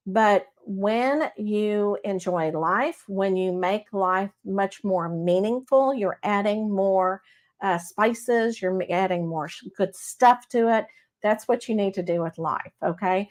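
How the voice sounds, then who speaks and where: A chatty middle-aged woman with a Texas drawl gives psychic readings on a live stream. Her pitch sits at an ordinary middle height for a woman. She keeps checking in with her listeners as she talks. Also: takes it slowly. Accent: Texan. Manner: chatty, warm-hearted, frequent "okay?" check-ins. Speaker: psychic medium host.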